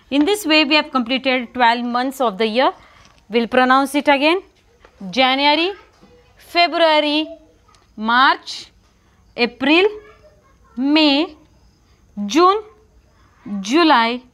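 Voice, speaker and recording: A woman teaching a children's lesson, repeating words slowly and asking and answering her own questions. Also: high voice, a bit bright. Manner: repetitive, asks and answers her own questions, stresses pronunciation. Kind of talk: online English lesson for young children.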